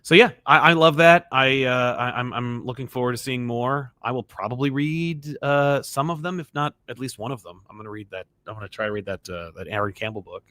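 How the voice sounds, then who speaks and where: Male co-host, mid voice, relaxed and agreeable, dry close mic. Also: mid-range voice, fairly quick, hardly any pauses, no room sound. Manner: easygoing, agreeable, reads viewer questions aloud. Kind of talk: casual chat.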